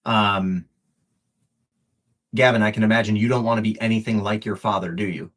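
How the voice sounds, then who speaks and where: A man's voice: on the low side, steady tone, normal speed, a bit bright. A man coaching on a live stream, earnest and encouraging, repeating phrases for emphasis and swearing casually, emotional and close to tears. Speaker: fitness and life coach.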